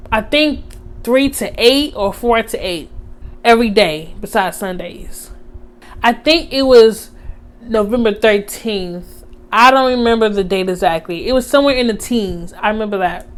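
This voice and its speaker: A young woman, telling a storytime on her vlog in casual chat, animated, with many fillers, acting out the voices of others. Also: on the high side. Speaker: vlogger.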